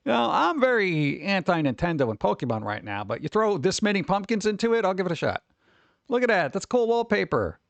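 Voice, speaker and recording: Wry, chatty man with a higher voice. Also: sing-song, fairly quick, vocal fry, no echo, muffled recording. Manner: chatty, wry, full of asides and muttered reactions. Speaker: streamer host. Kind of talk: casual rambling commentary.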